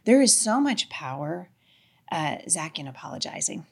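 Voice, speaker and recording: Middle-aged woman telling a lively story. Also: low-pitched, normal speed, creaky, breathy edge. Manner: animated storyteller, acts out quoted lines. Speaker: guest. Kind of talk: storytelling conversation.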